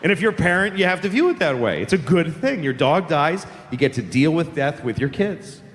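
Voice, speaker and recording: A man's voice: fairly high pitch, big pitch swings, brisk. A middle-aged man doing a stand-up comedy routine, ranting profanely with exasperated outbursts. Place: comedy venue stage. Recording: live hall reverb, faint ambience.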